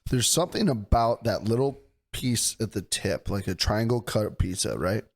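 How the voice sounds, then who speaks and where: Animated man chatting on a podcast. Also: lowish voice, moderate pace, creaky. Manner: animated storyteller, swears freely. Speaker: podcast co-host. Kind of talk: casual chat.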